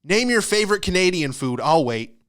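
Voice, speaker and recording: A man's voice: sits high, sing-song, a little fast, a bit bright, pitched above the performer's own voice. A man doing a smug taunting Canadian heckler.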